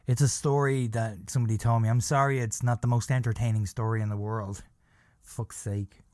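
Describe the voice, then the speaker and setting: A man's voice: medium pitch, little pitch movement, fairly quick, darkish tone, dry recording. Brief: casual male podcaster, rambling and sweary, dry close mic. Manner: rambling, profane, self-deprecating. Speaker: podcast host. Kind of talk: casual storytelling. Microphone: podcast microphone.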